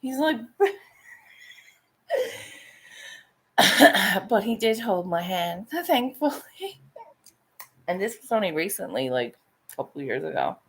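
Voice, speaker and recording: A woman in middle age talks casually as she paints, at a slow, unhurried pace. She swears freely and breaks into laughter often. Her voice sits at an ordinary pitch for a woman. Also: very animated, a bit bright, slightly rough. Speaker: painting vlogger. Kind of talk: casual chat while painting.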